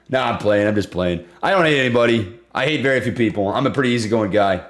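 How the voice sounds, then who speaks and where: A man hosting a live stream about stocks, chatting casually and excitably with viewers and breaking down price charts. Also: fairly low pitch, fast talker, few pauses. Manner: excitable, easygoing, laughs often, slangy. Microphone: desk condenser microphone.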